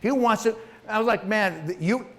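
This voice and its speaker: A man's voice: sits high, moderate pace, fairly bright tone. Middle-aged male motivational speaker, punchy and repetitive, talks right at the crowd. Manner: emphatic, repetitive, addresses audience directly. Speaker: guest speaker. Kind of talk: motivational stage talk. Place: event hall with live audience.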